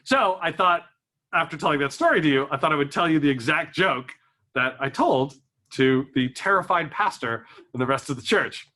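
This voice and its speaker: A man's voice: fairly high pitch, expressive, moderate pace, sharp tone. A young man doing stand-up, telling stories, acting out voices and laughing at his own jokes. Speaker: stand-up comedian. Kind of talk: stand-up comedy storytelling.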